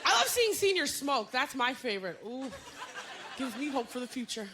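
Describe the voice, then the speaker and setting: A woman comedian performing a stand-up set on a club stage, animated and jumping into shrill impressions. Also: moderate pace, a loud crowd, heavy background noise. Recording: loud audience laughter and room ambience.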